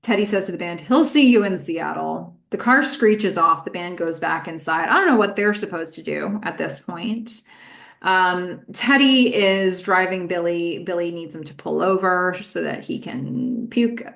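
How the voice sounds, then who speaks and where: A woman with a slightly low voice talks through a TV episode scene by scene. Her delivery is conversational and unscripted, with filler words as she recounts what happens. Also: measured pace, creaky, a bit bright. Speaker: podcast host. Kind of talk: recap podcast commentary.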